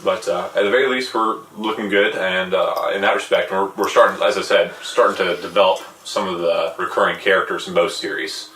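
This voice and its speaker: A man hosting a casual podcast, talking in a lively way and laughing often. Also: sits low, brisk, few pauses, far from the mic. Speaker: podcast host. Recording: roomy echo, off-mic, faint noise.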